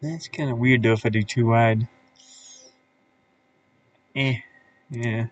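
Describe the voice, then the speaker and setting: A man talking slowly and unhurriedly in a casual live stream, half to himself as he works. He mutters and thinks aloud, trailing off with fillers. His voice sits at an ordinary middle pitch. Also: fairly even intonation, lo-fi sound. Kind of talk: casual live-stream commentary while working. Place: his van.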